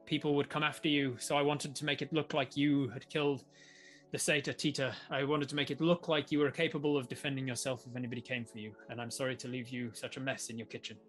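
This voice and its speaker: A man voicing a male changeling shapeshifter, a pleading then vengeful ex-husband, in a low, hushed, earnest voice. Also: natural voice.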